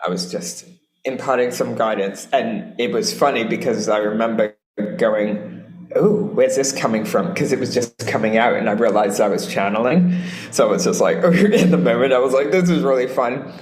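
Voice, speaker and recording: A woman in her late fifties, a guest in a casual conversation, tells animated stories and acts out quotes with laughter. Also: a bass voice, normal speed. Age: late 50s. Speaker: guest, spiritual guide. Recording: roomy echo.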